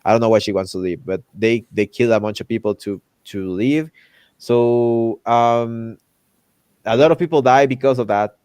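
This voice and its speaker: A man hosting a casual chat, ranting in an animated way and acting out characters' lines with exaggerated voices. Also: mid-range voice, normal speed, clear, resonant tone, no room sound. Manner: loose, repetitive restarts while ranting. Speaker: podcast host.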